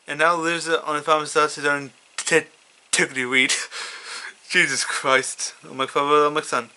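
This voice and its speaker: A man's voice: a little high, pushed and bright, clear, resonant tone. A man casually retelling his own fan story, stammering with many restarts. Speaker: fanfiction reader.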